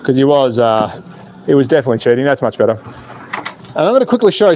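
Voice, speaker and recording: A man's voice: a little high, lively intonation, quick pace, darkish tone, slight background noise. An Australian man hosting a casual livestream, chatting and joking with viewers as he works on his slot car track. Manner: chatty and joking, reads viewer comments aloud.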